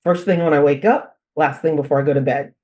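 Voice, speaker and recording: A woman as the expert guest on a parenting interview, telling animated stories, repeating phrases for emphasis and laughing as she talks. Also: low-pitched, fast talker, dull audio. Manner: laughs while talking. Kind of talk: conversational interview.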